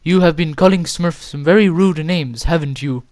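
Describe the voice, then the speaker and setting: A man's voice: a little high, normal speed, darkish tone, no room sound, clean studio sound, pitched above the performer's own voice, close to an everyday voice. A teenage boy imitating a stern woman schoolteacher, in an accusing, lecturing way.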